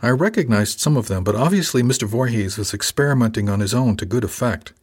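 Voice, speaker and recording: A man narrating a story in the first person, in a calm, dryly witty manner. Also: mid-range voice, fast, husky. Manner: calm, dry wit. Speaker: audiobook narrator.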